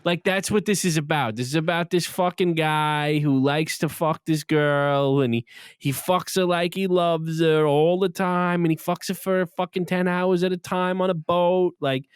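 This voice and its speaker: A man, a podcast guest telling loud, swear-filled stories in casual chat. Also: sits high, measured pace, smooth, dry recording, clean studio sound. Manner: loud storytelling, lots of swearing.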